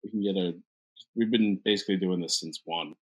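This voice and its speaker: A man's voice: low voice, a little fast, husky, rough recording. A man co-hosting a casual podcast in a laid-back way. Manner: laid-back, a bit tired. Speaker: podcast co-host.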